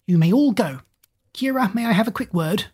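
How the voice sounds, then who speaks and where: A woman voicing a timid, mousy schoolteacher with a squeaky voice. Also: animated, fairly quick, warm tone, breathy edge. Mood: concerned.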